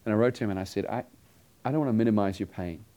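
A man's voice: lowish voice, very fast, dark tone. Man preaching an earnest story sermon. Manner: earnest storytelling, quoting dialogue.

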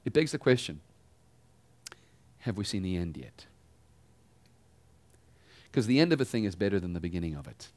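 A pastor giving a sermon in a conversational style, asking the congregation rhetorical questions. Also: male voice, low voice, sing-song, moderate pace, pauses often, a little mellow, no room sound.

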